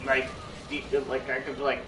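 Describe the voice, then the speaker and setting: A man's voice: mid-range voice, monotone, normal speed, sharp tone, slight background noise. A young man live-streaming, chatting casually to his viewers in a rambling, repetitive way that keeps restarting its sentences. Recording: echoey room, far from mic.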